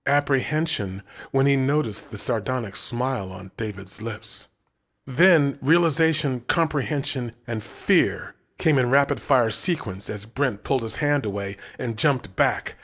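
Man narrating a story, expressive reading. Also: mid-range voice, a little slow. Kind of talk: audiobook narration.

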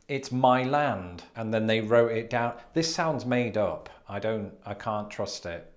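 Wry British man hosting an explainer. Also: on the low side. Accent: British English. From Britain. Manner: wry, self-deprecating, brisk asides. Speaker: YouTube host. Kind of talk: scripted comedic explainer to camera.

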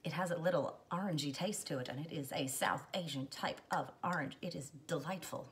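A home bartender hosts a casual cocktail how-to, chatty and jokey, drifting into playful asides as she mixes. Her voice is low and a little fast.

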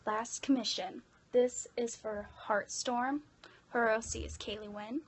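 A woman's voice: fairly high pitch, steady tone, measured pace, noisy background. A young woman with an Irish accent, chatting casually and self-deprecatingly about her voice-acting commissions. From Ireland. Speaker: hobby voice actor.

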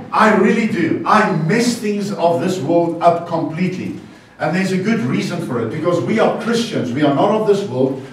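A South African pastor preaching a lively, playful sermon and bantering with his congregation. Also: a little high. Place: church hall. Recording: very echoey church hall, far from the mic.

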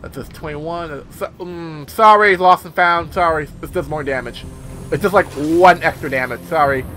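A man giving casual let's-play commentary as he plays, excitable and swearing often with sudden outbursts. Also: fairly high pitch, normal speed. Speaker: gameplay commentator. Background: game music.

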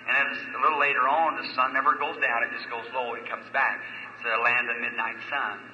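A man's voice: mid-range voice, steady tone, a little fast, highs cut off, background noise. A man preaching a sermon, telling a story and retelling conversations line by line, with frequent "I said" and "See?". He speaks live in a large meeting hall. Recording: echoey old live hall recording.

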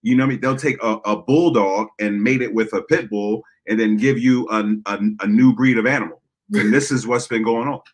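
A man with an ordinary middle-pitched voice chimes in as co-host during casual chat. He is agreeable and keeps backing up the main speaker. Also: fairly quick.

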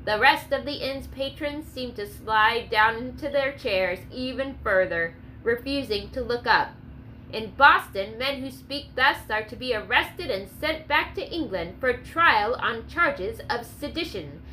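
A woman reads a historical story aloud with expressive narration. Her voice is high and bright. A faint hiss runs under the recording. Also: measured pace, rough recording. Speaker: audiobook narrator. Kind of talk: scripted narration.

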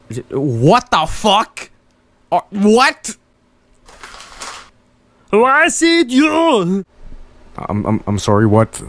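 A man's voice: high-pitched, a bit bright. A man doing profane, mocking let's play commentary on bad games, laughing often. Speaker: streamer.

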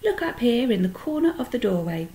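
A woman voicing a gentle, gracious spider. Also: on the high side, big pitch swings, a little fast, echoey room, pitched above the performer's own voice, poor audio. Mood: friendly. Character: kindly female spider, calm and gracious.

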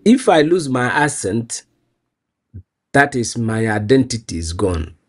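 A man's voice: medium pitch, very animated, unhurried. Proud Nigerian-accented man. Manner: proud, earnest, laughs easily. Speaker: interviewee. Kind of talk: casual street interview.

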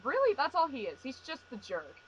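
A woman co-hosting a casual fan podcast, chatty and quick to laugh, with fillers. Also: high voice, huge pitch swings, highs cut off, slight background noise. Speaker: podcast co-host.

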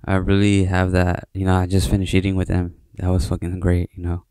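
A young man talking alone in a casual, rambling podcast monologue at home late at night, swearing often and filling pauses with "you know.". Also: deep voice, monotone, mellow, clean tone, no room sound. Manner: rambling, heavy swearing, many fillers. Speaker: podcast host.

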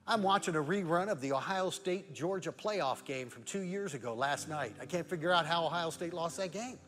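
A man preaching a sermon as pastor, moving between loud emphatic rhetorical questions and soft, hushed prayer. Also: fairly high pitch, lively intonation, a little fast, long reverb tail. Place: church sanctuary.

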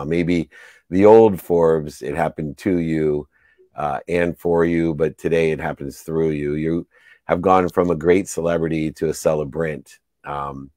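A man with a very low voice co-hosts an interview show. He talks earnestly with a few fillers, on a dry and close recording. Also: darkish tone, dry recording. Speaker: co-host. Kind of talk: casual interview chat.

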